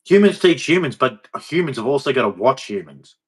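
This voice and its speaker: A man vents in a heated vlog rant. He talks in a preachy, insistent way and doubles back on words to drive his points home. His voice sits at an ordinary middle pitch for a man. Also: expressive, a little fast, slightly rough. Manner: heated, preachy, repeats himself for emphasis. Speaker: vlogger. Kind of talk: ranting monologue to camera.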